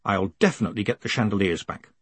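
A man's voice: lowish voice, fast, slightly rough, no room sound. A man playing a charming, restless male con man who talks in a glib, self-mocking way. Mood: wry.

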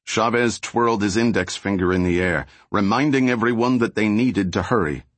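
A man narrating an audiobook thriller in a steady, even storytelling voice. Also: fairly low pitch, normal speed, dry recording. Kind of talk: scripted narration.

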